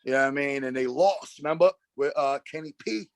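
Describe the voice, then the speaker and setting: A man's voice: medium pitch, brisk. A man from Brooklyn with a New York accent, telling stories as a basketball coach in a casual interview, full of slang and acted-out dialogue. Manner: animated, slangy storyteller acting out dialogue.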